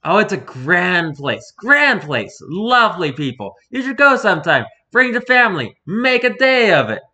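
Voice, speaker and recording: A man's voice: high voice, very animated, normal speed, sharp tone, exaggerated voice. A man voicing a mocking, talkative male circus performer who rambles theatrically, read from an interview. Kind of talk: reading an interview aloud in character.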